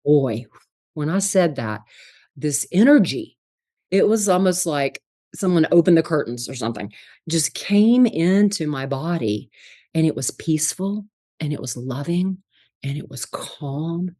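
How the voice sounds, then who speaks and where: Low-voiced animated woman telling stories. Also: measured pace, dry recording, clean studio sound. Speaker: interview guest, spiritual psychologist. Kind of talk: storytelling interview.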